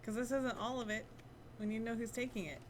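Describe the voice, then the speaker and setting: A woman's voice: on the high side, fast talker, noisy background. A woman player asking practical questions during a tabletop game.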